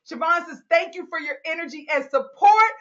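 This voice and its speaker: A woman's voice: very high-pitched, expressive, fairly quick, sharp tone, highs cut off. A woman hosting a live Q&A call, reading out listeners' comments and cheering them on with whoops and laughter. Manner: exuberant, whoops and laughs often; hypes up listeners, calls them y'all.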